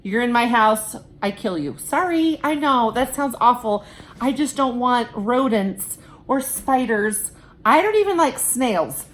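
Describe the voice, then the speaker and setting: Mom talking to her vlog camera, kinda high voice, super chatty, acts out what people said. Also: measured pace. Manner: chatty, animated, quotes people in her stories. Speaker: vlogger. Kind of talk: casual storytelling vlog.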